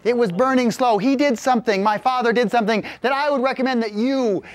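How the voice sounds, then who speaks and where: A man in his forties telling a comic story, animated and full of vocal sound effects. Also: very high voice, a little fast. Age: 40s.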